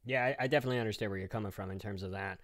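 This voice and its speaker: Easygoing male streamer hosting a chat stream, slightly low voice. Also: racing. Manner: relaxed, loose, laughs easily, talks to chat. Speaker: streamer hosting a community town hall. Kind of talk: casual live-stream chat.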